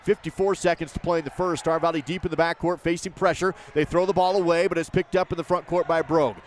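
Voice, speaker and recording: A man calling high school basketball play by play, describing each pass, drive and shot in a rapid running commentary. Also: steady tone, slight background noise. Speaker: play-by-play announcer.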